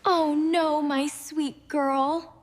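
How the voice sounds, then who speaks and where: A woman voicing a tender mother soothing her daughter softly. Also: high voice, level tone, very slow. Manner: soft, soothing.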